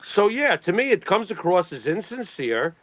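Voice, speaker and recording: Lively, mock-outraged man bantering. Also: sits high, moderate pace, no room sound, rough recording. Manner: mock-indignant, jokey outbursts. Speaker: podcast guest. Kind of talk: casual podcast banter.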